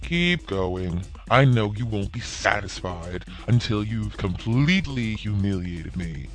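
Man as a grouchy sarcastic rogue, deep voice, slow drawl, faint music behind. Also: animated. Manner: gruff, sarcastic, threatening. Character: grumpy, sardonic male rogue character. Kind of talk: comedic podcast sketch.

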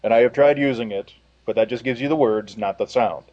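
A man's voice: medium pitch, fairly quick, darkish tone. A man co-hosting a casual gaming podcast, telling stories in an easygoing way with chuckling asides. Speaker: podcast co-host. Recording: dull lo-fi recording.

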